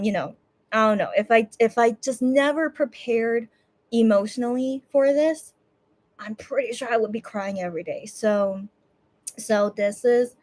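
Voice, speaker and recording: A woman's voice: a little high, a bit bright. A woman streamer talking casually and tearfully to her viewers, rambling with many restarts and fillers. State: teary, on the verge of crying. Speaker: streamer hosting a fan watch party. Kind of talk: emotional casual chat.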